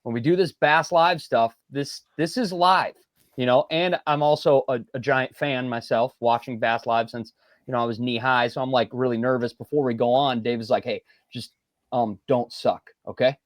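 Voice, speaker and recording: A man's voice: medium pitch, moderate pace, no echo. A man tells a story on a podcast with plenty of energy. He acts out other people's lines and laughs between them. His voice sits mid-range and the mic is close and dry. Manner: animated storyteller, acts out quotes, laughs often. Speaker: podcast co-host. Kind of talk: casual podcast banter.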